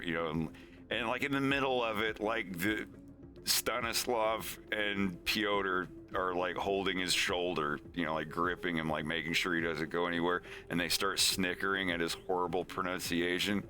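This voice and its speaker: A man's voice: low-pitched, steady tone, normal speed, pushed and bright, faint music behind. A man streaming, casually retelling a story with lots of restarts and fillers. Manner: rambling, many restarts and fillers.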